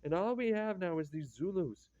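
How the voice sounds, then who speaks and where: Man reading as a sardonic old count, mocking and bitter, a bit high-pitched, mellow tone, dull dry sound. The teasing never lets up. A stage-play nobleman gone sour. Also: expressive, moderate pace.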